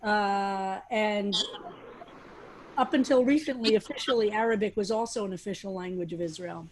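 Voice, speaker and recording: A woman's voice: mid-range voice, normal speed, a little mellow, slight background noise. A woman rabbi leading a study class, talking animatedly and throwing out question after question, with frequent restarts. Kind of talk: teaching a text study class.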